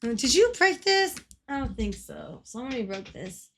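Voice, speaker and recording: A woman's voice: a little high, very animated, normal speed, a bit bright, a little hiss or hum. A young woman livestreaming a game, chatting casually, laughing often and swearing freely. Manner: giggly, swears freely, teasing. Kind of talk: casual gaming stream chat.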